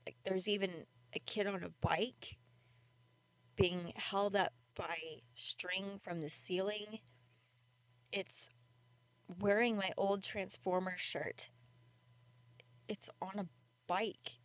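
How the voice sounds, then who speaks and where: A woman's voice: mid-range voice, fairly even intonation, takes it slowly, pauses often, no echo, lo-fi sound. A woman telling a story, voicing a young male college student who sounds hesitant and shaken. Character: nervous young man, college student home on break.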